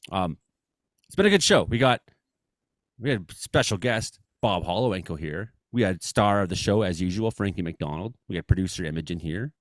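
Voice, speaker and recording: A man with an Ottawa Valley accent hosting a live-streamed comedy weather show, joking and swinging between loud lines and mumbled asides. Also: lowish voice, no echo.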